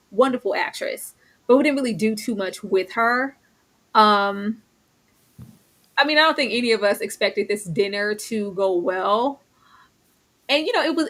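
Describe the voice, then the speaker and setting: A woman hosting a casual live recap of a TV show, lively and often laughing as she acts out the characters' lines. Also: mid-range voice. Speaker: host reviewing a TV series.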